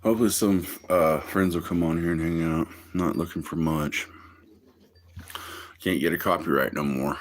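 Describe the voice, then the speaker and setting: Speaking at normal speed with an extremely low pitch and steady tone, a man rambles through stories on his livestream. His drawling storytelling is profane, full of swearing, and broken up by frequent laughter.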